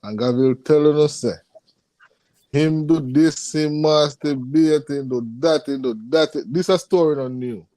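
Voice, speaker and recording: A man's voice: fairly high pitch, fairly even intonation, unhurried, warm tone, no echo. A man speaking on a casual panel, pressing his point again and again.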